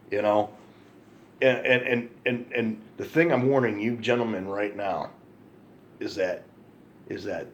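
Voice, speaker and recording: A man telling an angry, profane story to camera in a ranting monologue, repeating himself for emphasis. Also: mid-range voice. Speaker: vlogger.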